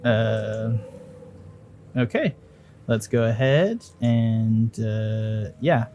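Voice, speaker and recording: A man's voice: on the low side, extremely slow, warm tone, muffled recording, a little hiss or hum. A man running a tabletop game as dungeon master, talking loosely with fillers and swearing.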